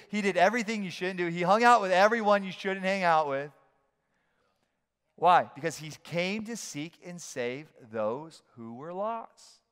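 High-voiced pastor preaching in a reverberant hall. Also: male voice, clean tone. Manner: animated, acts out voices with shouts. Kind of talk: sermon.

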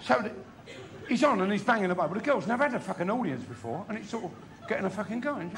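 Male stand-up, very high voice, bawdy and boisterous. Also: animated, fast, crowd noise. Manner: profane, boisterous storyteller. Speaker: stand-up comedian. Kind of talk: bawdy live joke telling.

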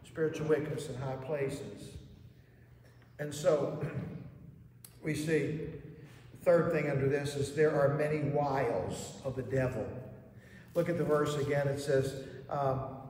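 A man's voice: medium pitch, steady tone, unhurried, pauses often, darkish tone, slight background noise. A male pastor preaching a sermon, rising in emphasis and asking rhetorical questions, recorded from a distance in a church sanctuary. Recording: echoey hall from far off.

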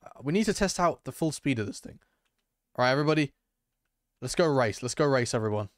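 A young man chatting excitedly to his viewers as he streams a game, reacting loudly and calling out to chat. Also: mid-range voice, fast, dry recording, studio quality. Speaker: gaming streamer. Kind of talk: live gameplay commentary.

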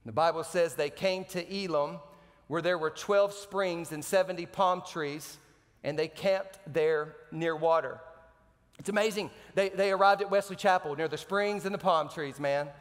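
High-voiced pastor preaching in an echoing hall. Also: male voice. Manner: animated, joking asides between slow scripture readings. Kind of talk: sermon. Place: church sanctuary.

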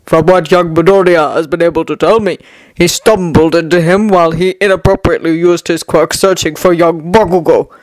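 Woman doing a thoughtful grown-up hero guy, measured, lowish voice, dry sound. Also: fairly even intonation, darkish tone, dry recording, lightly acted, poor audio. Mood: pensive. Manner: pensive, measured. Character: pensive, gentle grown male hero.

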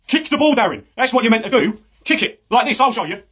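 A man playing a pushy British football dad who yells from the touchline, with a husky, blustering voice, in a comedy sketch. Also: very high-pitched, animated, quick pace, heavily acted. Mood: shouting. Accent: British English. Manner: shouty, blustering, laddish.

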